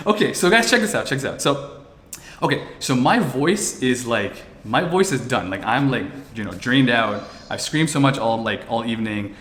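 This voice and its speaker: A man doing virtual stand-up, telling stories animatedly with bursts of shouting and laughter. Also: mid-range voice, expressive, normal speed, reverberant. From India. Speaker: stand-up comedian. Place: room, performing over a video call. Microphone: video call.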